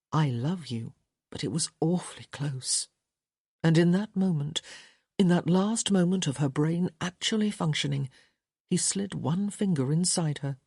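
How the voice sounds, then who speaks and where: A woman reading a romance audiobook in a slow, soft, intimate manner. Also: low-pitched, husky, no room sound, clean studio sound. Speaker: audiobook narrator. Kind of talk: scripted romance audiobook narration.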